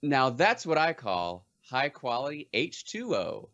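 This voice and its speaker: A man's voice: medium pitch, big pitch swings, unhurried, a bit bright, dull audio. A man hosting a casual movie quote guessing game, reading quotes in playful put-on voices. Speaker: quiz host.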